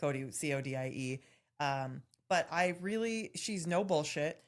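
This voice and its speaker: Low-voiced woman, candid and animated. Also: a little slow. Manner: candid, animated storytelling with laughs. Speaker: podcast co-host. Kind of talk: casual chat.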